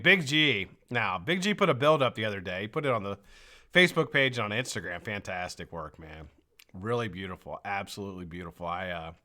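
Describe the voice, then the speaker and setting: A man's voice: fairly low pitch, bright, forceful tone. A man hosting a casual live stream, energetically greeting viewers one by one, with a frog in his throat.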